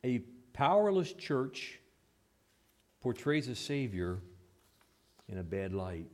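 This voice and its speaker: A man preaching a sermon, moving between hushed, slow passages and raised, emphatic ones. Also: medium pitch, big pitch swings. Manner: dramatic shifts between hushed and raised delivery. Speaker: pastor.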